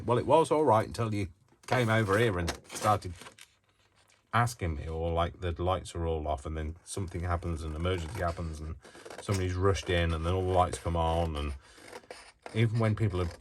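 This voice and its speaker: This craft vlogger has a low voice and chats casually while crafting, rambling, poking fun at himself and muttering to himself as he works. The noisy home recording comes from a built-in camera mic, and the mic isn't working.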